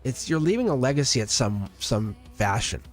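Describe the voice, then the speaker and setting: A man's voice: medium pitch, big pitch swings, moderate pace, faint music behind. Rambling, earnest man hosting live tarot. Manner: rambling and earnest, with many fillers and restarts; laughs often between thoughts. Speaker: tarot reader hosting a livestream. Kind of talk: casual livestream chat.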